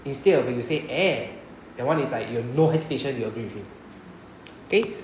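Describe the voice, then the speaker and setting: A man's voice: mid-range voice, fast talker, darkish tone, reverberant, slight background noise, poor audio. A man with a Singaporean English accent, teaching a Japanese class and explaining patiently, often checking with "right?". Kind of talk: classroom lecture.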